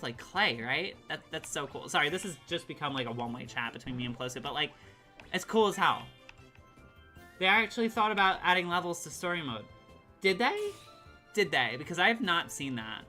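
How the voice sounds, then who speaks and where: A woman streaming a game, chatting casually and excitedly with her chat and swearing now and then. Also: low-pitched. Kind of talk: casual live-stream chat while gaming.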